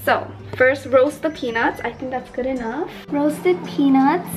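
A woman's voice: high voice, measured pace, faint music behind. A young woman in her twenties chatting casually as a vlogger, giggly, slipping Japanese words into her English. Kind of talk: casual vlog chat.

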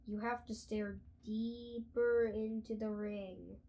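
A woman's voice: on the high side, flat delivery, takes it slowly, mellow, muffled recording. A woman voicing a curious, doubtful schoolboy sidekick in an audiobook, asking questions in a wondering tone. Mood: hypnotic.

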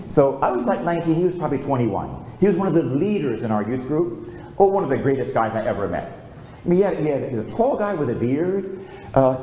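In an echoey church, a priest delivers a homily as a story, preaching in a lively, conversational way and calling out for amens. His male voice is a little high, and there is slight background noise.

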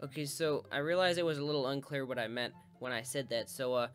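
A man's voice: medium pitch, fast talker, faint music behind. A young man giving comedic, sarcastic commentary over his own gameplay with goofy mock-villain asides. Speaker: gaming video host.

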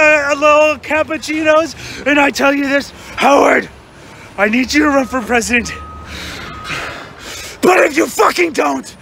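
A frantic young superfan, as a man puts him on, yelling his pleas in a very high, bright, strained voice. He rambles and begs crudely with a gravelly edge to his shouting. Faint street noise sits behind him outdoors. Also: heavily acted. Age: young adult. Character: manic, desperate young male political superfan. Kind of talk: improvised comedy rant.

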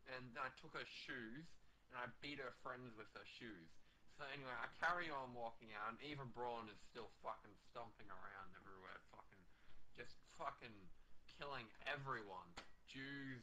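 A man's voice: mid-range voice, normal speed, sharp tone, slight background noise, poor audio. A man telling a crude, profane, rambling comic story with many fillers.

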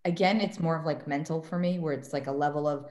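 Animated woman telling stories in an echoey room. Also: low voice, fast talker. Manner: animated storytelling, acts out quotes. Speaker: guest medium and tarot reader. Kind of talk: casual podcast chat.

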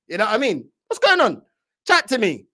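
Lively, slangy London channel host. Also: female voice, a little high, normal speed. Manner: teasing, slangy, constant filler questions. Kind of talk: casual reaction commentary.

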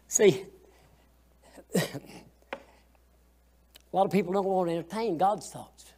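A man's voice: sits high, slow pace, long pauses, mellow. A man teaching a Sunday school lesson, folksy and colloquial, asking the class questions as he goes.

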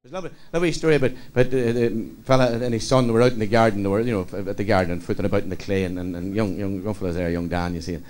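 A man's voice: on the low side, steady tone, very fast, few pauses, a little mellow, slight background noise. A man telling jokes in a chatty way and laughing as he goes. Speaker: comedian. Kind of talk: stand-up joke telling.

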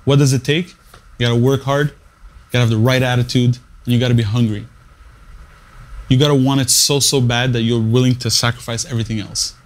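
A man with a mid-pitched voice speaks in an interview about his path as a radio morning show producer. He talks in short, punchy phrases and often restarts his sentences. He leans hard on key words as he gives blunt career advice. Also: steady tone, a little fast.

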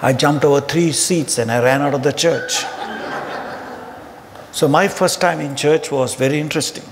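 A man preaching a sermon, telling humorous stories in an animated way. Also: fairly high pitch, normal speed. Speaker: pastor. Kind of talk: sermon storytelling. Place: church auditorium. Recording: hall reverb with faint ambient noise.

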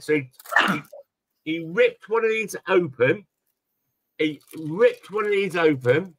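A man's voice: high voice, slow pace, no echo. A man telling a story in casual live-stream chat, swearing freely. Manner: swearing storyteller, animated anecdotes.

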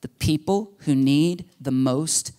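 A male pastor preaching a sermon to his church, animated and jokey, often acting out quoted voices. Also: a little high, slow. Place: church sanctuary.

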